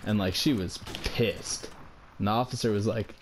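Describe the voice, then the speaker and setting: A man's voice: lowish voice, fairly even intonation, normal speed, slight background noise. Rambling young guy telling a story. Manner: rambling, heavy use of "like", swears casually. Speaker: vlogger. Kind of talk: casual storytelling.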